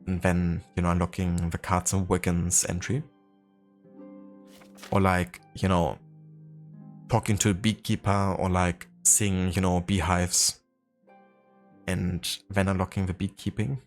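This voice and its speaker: A man's voice: low voice, level tone, unhurried, long pauses, faint music behind. A man streaming a game live, chatting casually and reading in-game entries aloud with lots of fillers. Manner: rambling, many fillers, reads codex entries aloud.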